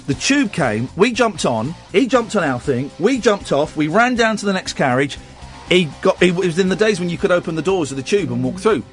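Chatty high-voiced radio host. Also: male voice, sing-song, moderate pace, soft background music. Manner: chatty storyteller, breaks into loud sung snatches. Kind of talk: casual late-night radio chat.

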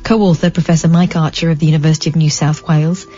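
A woman hosts late-night talk radio in a chatty, wry way, reading news items with mock-dramatic emphasis. Her voice is low and mellow. The broadcast sounds slightly dull, with faint music underneath. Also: flat delivery, fast talker. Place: radio studio. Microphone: studio microphone.

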